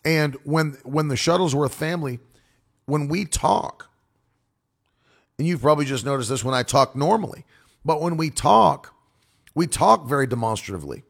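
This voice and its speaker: Male preacher, casual monologue, slightly high gravelly voice, emphatic delivery. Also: normal speed, pauses often. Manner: forceful, demonstrative, animated. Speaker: preacher and broadcaster.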